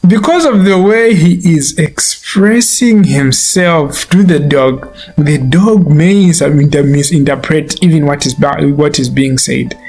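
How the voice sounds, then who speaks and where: An earnest man teaches from the Bible in a voice set a little high. Soft guitar music plays quietly behind his steady devotional talk. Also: slow pace, gravelly, few pauses. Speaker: preacher.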